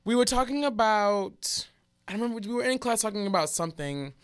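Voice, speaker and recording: A man's voice: sits high, lively intonation, fairly quick, clear, resonant tone, no echo, clean studio sound. Young man, crude rambling storyteller. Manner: crude, slangy, rambling with many fillers. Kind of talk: casual comedic storytelling.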